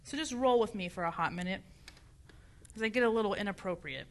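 A woman's voice: mid-range voice, brisk. A woman preaching an impassioned sermon, building to fervent outrage. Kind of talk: passionate sermon.

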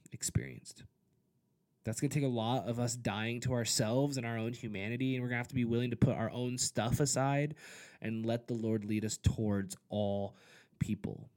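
A man's voice: on the low side, darkish tone. A man preaching a sermon in an earnest, conversational way, with casual asides. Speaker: pastor.

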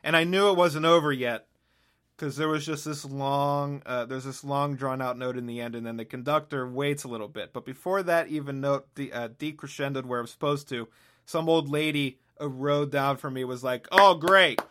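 A man's voice: mid-range voice, steady tone, normal speed, a bit bright. A man hosting a podcast, rambling through a sardonic solo comic monologue and often cutting himself off mid-thought. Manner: rambling, sardonic, self-interrupting. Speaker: podcast host.

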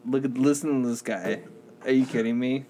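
A man's voice: mid-range voice, fairly even intonation, normal speed, warm tone, slight background noise. A man co-hosting a casual podcast chat, teasing and mocking his friend. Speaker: podcast co-host.

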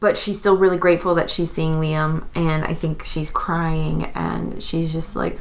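A woman's voice: low-pitched, level tone, a little slow, creaky, few pauses. A woman playing a tabletop game, chatting casually and thinking aloud as she plays. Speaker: player. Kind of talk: casual play commentary.

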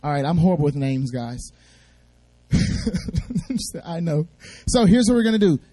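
A man speaking as a guest at a church service, telling a Bible story in a fast, playful way and drawing responses from the audience. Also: a little high, very animated, mellow, no echo.

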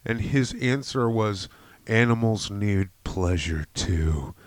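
Low-voiced, profane man on a podcast. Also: slow pace, no room sound. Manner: profane and animated, rising loud and high when outraged. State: high on cannabis. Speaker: podcast co-host. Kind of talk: casual podcast chat.

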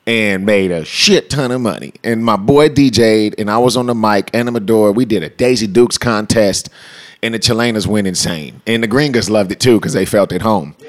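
Laughing storyteller from California. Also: male voice, fairly low pitch, normal speed. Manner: animated, slangy, laughs often. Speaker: interview guest. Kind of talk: casual storytelling.

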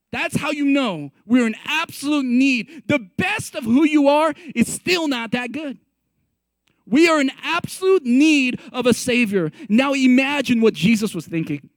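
A man preaching a sermon as pastor, animated and conversational, full of rhetorical questions. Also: very high voice, unhurried, dry recording.

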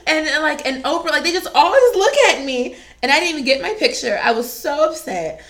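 A woman with a somewhat high voice hosts a casual podcast chat. She tells a story with lots of energy, laughing along the way and playing out the quotes. Her tone is chatty and warm. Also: brisk. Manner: animated, laughing, acts out quotes. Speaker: podcast co-host.

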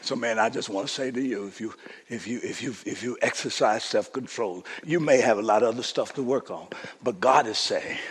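A man preaching a sermon as pastor, calling out to the congregation and swinging from shouts to soft hushes. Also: medium pitch, fairly quick, husky, long reverb tail.

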